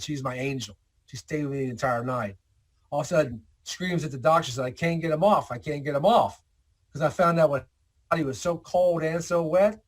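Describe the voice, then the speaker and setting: A man giving a storytelling talk to a club, animated and acting out the dialogue he quotes. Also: on the high side. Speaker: guest speaker.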